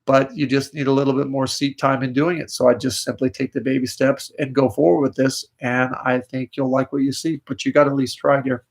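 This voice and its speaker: A man hosting a live psychic call-in show, gently reassuring and a little nasal today. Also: mid-range voice, little pitch movement, brisk, gravelly, hardly any pauses. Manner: gentle, reassuring, calls people dear. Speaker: psychic host.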